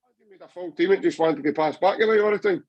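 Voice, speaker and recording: A man's voice: high-pitched, fast talker, highs cut off. A Scottish man chatting passionately about football on a podcast, rambling with many restarts. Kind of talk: casual football chat.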